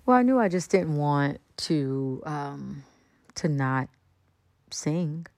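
A woman with a strikingly low, warm voice slowly tells a personal story as a guest on a radio interview. She is animated, slipping into the voices of people she quotes, and the studio sound is close and dry with no echo.

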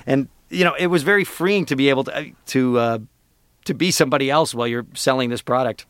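Sex: man. Role: voice actor guest. Style: radio interview chat. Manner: chatty, self-deprecating. Pitch: mid. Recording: dry studio. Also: a little fast, a bit bright, smooth, no room sound. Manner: chatty, self-deprecating, many fillers and laughs.

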